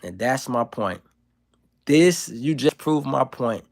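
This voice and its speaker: A man's voice: medium pitch, animated, slow. A man streaming live, delivering a provocative, profane and emphatic monologue to his chat.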